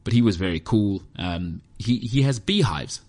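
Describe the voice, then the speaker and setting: A man's voice: lowish voice, expressive, normal speed, darkish tone. A man hosting his own podcast, talking in a rambling, self-mocking, joking way as he chats on his own. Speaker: podcast host. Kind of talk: casual solo podcast monologue. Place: indoors, heated room.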